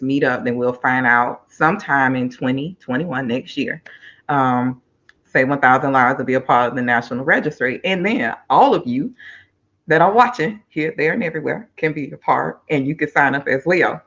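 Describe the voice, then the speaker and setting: A woman's voice: low-pitched, a bit bright, muffled recording. Upbeat woman hosting a live talk show. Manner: upbeat, chatty, speaks straight to viewers.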